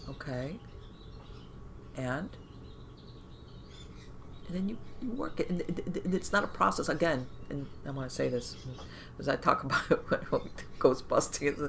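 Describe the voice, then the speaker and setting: A podcast host talking in a casual interview, animated, with many fillers and restarts and acted-out inner voices. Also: medium pitch, normal speed, gravelly, pauses often, a little hiss or hum.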